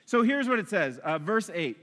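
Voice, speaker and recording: A male pastor delivers an energetic, conversational sermon from a church stage. His voice is high and bright. A long reverb trails after his words in the hall. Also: normal speed.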